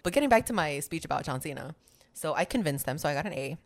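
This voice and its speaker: A young woman with a low voice chats casually on a podcast. She tells stories with lots of animation and acts out the voices of the people in them. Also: fast. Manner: animated storyteller, mimics other people's voices, laughs often. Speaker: podcast co-host. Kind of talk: casual chat.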